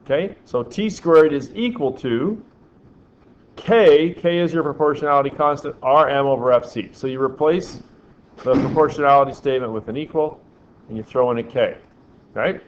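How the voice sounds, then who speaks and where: A male physics teacher lectures his class, firing questions at students and slipping in deadpan jokes. The classroom recording sounds slightly muffled, with a faint hiss behind his voice. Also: medium pitch, moderate pace. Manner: dry joking asides, quizzing students.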